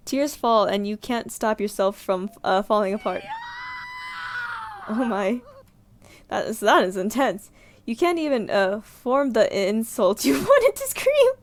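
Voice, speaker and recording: A young woman streamer reading a visual novel aloud, giggling and reacting with animated outbursts. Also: a little high, slight background noise. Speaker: gaming streamer.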